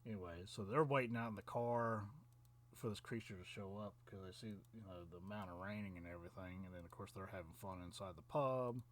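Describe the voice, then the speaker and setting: A man recapping a film plot in loose, rambling chat, full of fillers, restarts and little chuckles. His voice sits a bit low for a man. He sounds like a casual online reviewer talking straight to his viewers. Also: fairly quick.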